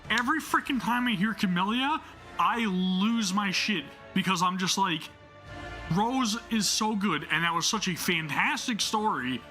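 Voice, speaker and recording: A gaming channel host with a high-pitched voice reacts excitedly to a game's story. He swears, laughs and trips over his words, reading the narration aloud in between.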